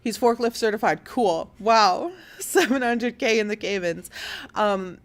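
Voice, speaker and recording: A woman's voice: on the high side, a little slow. A young woman hosting a casual online news show, retelling a story animatedly and acting out the quotes with plenty of swearing.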